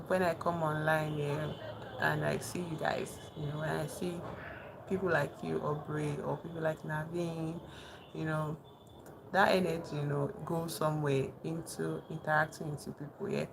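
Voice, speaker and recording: A young woman chatting casually with her live-stream chat, soft-spoken and calling herself very emotional. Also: sits low. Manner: soft-spoken, thanks chat warmly, says she is very emotional. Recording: noticeable background noise.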